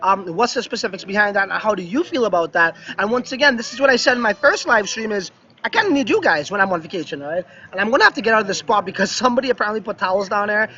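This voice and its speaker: A man's voice: sits high, lively intonation, racing, sharp tone, muffled recording. A man with West Indian roots live-streaming casually from a beach resort, chatty and often asking "right?". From West Indian background. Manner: chatty, repeats "right?" and "yeah, yeah". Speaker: crypto vlogger live streaming.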